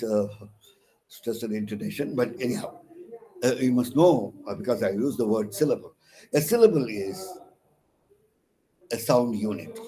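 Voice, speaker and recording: Slow, deliberate Indian English lecturer. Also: male voice, medium pitch, a little mellow, poor audio. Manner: slow, deliberate, spells words out letter by letter; frequent pauses with "uh" and self-corrections. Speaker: counsellor teaching English. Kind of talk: recorded lecture.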